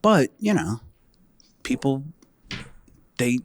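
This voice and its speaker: Blunt, profane former trooper telling stories. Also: male voice, mid-range voice, very animated, slow. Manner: blunt and profane, acting out quoted lines. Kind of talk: casual podcast storytelling.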